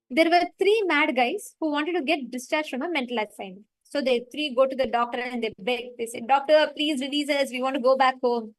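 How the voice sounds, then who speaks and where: A woman's voice: high-pitched, no echo, poor audio. A woman facilitating a live online meditation session, retelling a story and stressing her points.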